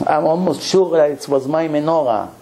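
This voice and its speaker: A man voicing a tearful, polite older woman from Germany, speaking in a lowered, apologetic tone. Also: normal speed, mellow, a little hiss or hum, lightly acted, low-quality recording.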